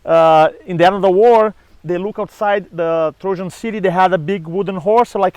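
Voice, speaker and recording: High-voiced animated male storyteller. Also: moderate pace, no echo, low-quality recording. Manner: animated storyteller acting out dialogue. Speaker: speaking coach. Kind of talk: storytelling to camera.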